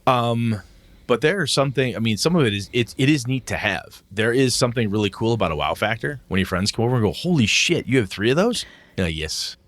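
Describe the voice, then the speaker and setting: A man's voice: medium pitch, animated, fast talker, a bit bright, no room sound. A middle-aged man co-hosting a podcast in casual chat, blunt and emotional, swearing freely. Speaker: podcast co-host.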